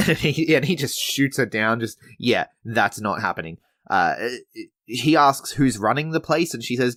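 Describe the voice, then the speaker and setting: A podcast host talks through wrestling episodes at normal speed, his mid-range voice a bit bright with lively intonation. He keeps the recap chatty and laid-back, frequently starting over mid-thought.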